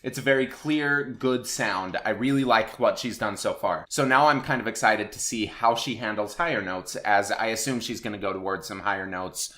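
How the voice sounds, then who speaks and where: A man reacting to a song as a vocal coach, with measured, analytical commentary. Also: fairly low pitch, sharp tone.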